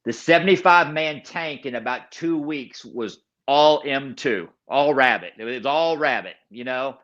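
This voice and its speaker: A man's voice: medium pitch, unhurried, a bit bright, lo-fi sound. A man guest telling his personal recovery story in an interview. He is an emphatic storyteller who repeats key phrases and acts out other people's lines. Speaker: podcast guest.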